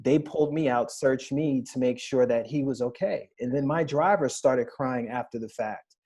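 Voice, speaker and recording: A man's voice: mid-range voice, moderate pace, warm tone, husky. A man in his thirties on a podcast panel, earnestly recounting personal stories in a candid discussion.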